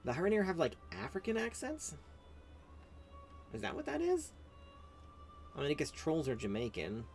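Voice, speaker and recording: Sarcastic, animated gaming streamer man. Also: a little high, moderate pace, soft background music. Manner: sarcastic, swears, laughs often, animated. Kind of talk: gameplay commentary.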